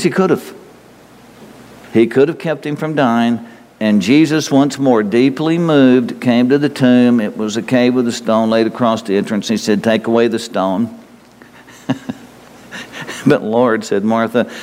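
A man's voice: mid-range voice, a little mellow. A man preaching a conversational sermon in a folksy way, chuckling and asking his listeners rhetorical questions. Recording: long hall reverb.

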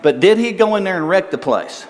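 A man's voice: high voice, expressive, brisk. An older man preaching a sermon in a conversational, folksy way, repeating words as he goes. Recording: long hall reverb.

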